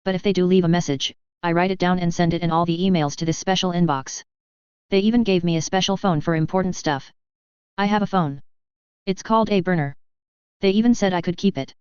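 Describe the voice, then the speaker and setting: A woman voicing an excited, naive young male alien office worker, low and smooth in a slightly dull recording. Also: a little fast, dry recording, lightly acted. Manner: excited, bubbly.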